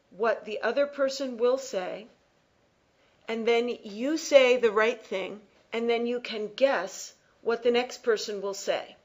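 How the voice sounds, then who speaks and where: Slow, deliberate woman teaching English. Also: on the high side. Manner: slow, deliberate, repeats key phrases. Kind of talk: classroom lecture.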